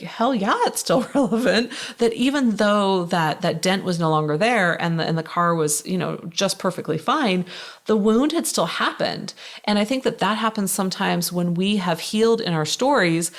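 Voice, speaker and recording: A woman hosts a relaxed podcast, drifting into stories with plenty of fillers and small laughs. Her voice sits low and has a gravelly fry to it. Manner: chatty storyteller, many fillers and laughs. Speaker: podcast host. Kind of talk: casual chat.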